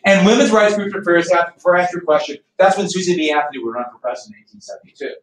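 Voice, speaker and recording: High-voiced teacher joking with his class. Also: rapid-fire. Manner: chatty, teasing the class. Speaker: history teacher. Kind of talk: classroom lecture. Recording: echoey classroom from far off, faint noise.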